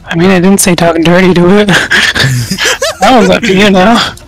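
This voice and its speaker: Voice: medium pitch, fairly even intonation, moderate pace, soft background music, poor audio. A gamer in casual voice chat, playful and teasing.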